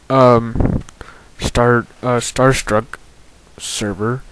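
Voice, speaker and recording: A man's voice: medium pitch, slow, rough recording. A man reading a fan story aloud, stumbling and restarting over harder words. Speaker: fanfic reader. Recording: hissy cheap microphone.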